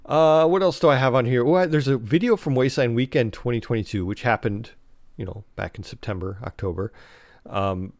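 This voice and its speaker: A man's voice: mid-range voice, a little fast, a little mellow, dry recording. A man hosting a podcast on his own, talking casually. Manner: rambling, full of fillers and restarts. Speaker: podcast host. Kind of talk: casual solo podcast talk.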